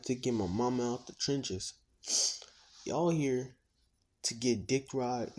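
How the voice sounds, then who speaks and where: In a fan-made story, a ruthless teenage boy hero, as a man puts him on talks bluntly and cockily, full of slang and swearing. The voice sits at an ordinary middle pitch. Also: mellow, lightly acted. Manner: blunt, cocky, slangy and profane. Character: ruthless money-driven teen boy hero.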